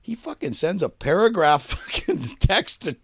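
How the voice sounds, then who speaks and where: A man telling a long, profane story on a podcast, acting out both sides of a shouting match and laughing often. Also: high-pitched, big pitch swings, moderate pace, husky, no room sound, clean studio sound. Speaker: podcast co-host. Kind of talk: casual storytelling chat.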